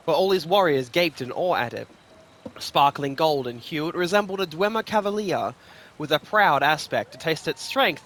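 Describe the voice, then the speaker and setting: A man reading fantasy lore stories aloud in an expressive, rhythmic storytelling manner. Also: fairly high pitch. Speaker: lore reader.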